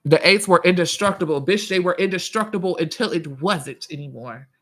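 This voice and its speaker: A man hosting a casual livestream, reading viewer comments and chatting in a profane, drawn-out way. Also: sits high, fairly bright tone. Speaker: livestream host and musician.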